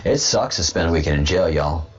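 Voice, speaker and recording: A man's voice: rumbling low, expressive, fairly quick. A man hosting a casual livestream who rambles, repeats himself and restarts sentences often. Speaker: host of a livestream show. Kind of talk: casual political livestream commentary. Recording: dull lo-fi webcam sound.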